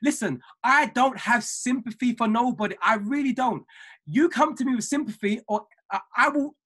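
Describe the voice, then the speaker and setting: A man giving an emphatic, repetitive motivational talk to his trading mentees over a video call, building from calm to fiery. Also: very high voice, moderate pace. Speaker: trading mentor.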